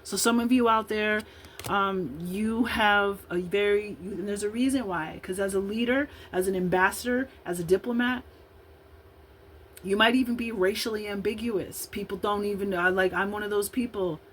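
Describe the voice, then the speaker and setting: Between cards she reads aloud, a fifty-something tarot reader from Illinois, USA, rambles in casual asides. Her medium-pitched voice moves at normal speed over a rough recording with a little hiss or hum.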